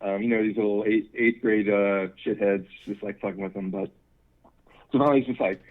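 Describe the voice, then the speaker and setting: A man's voice: lowish voice, fairly even intonation, a little fast. A man calling into a show, telling a rambling, laid-back story and swearing freely. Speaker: caller. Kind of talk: casual anecdote over the phone. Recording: tinny phone line.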